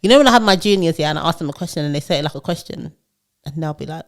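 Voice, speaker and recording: A young woman co-hosting a podcast in casual chat, animated and laughing often, acting out quotes from other people. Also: low-pitched, very fast. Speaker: podcast co-host.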